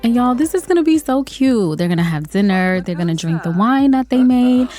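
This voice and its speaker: A woman's voice: on the high side, animated, brisk, dark tone, faint music behind. A woman giving playful, chatty commentary over a life-sim game, laughing often. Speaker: let's play host. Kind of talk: gameplay commentary.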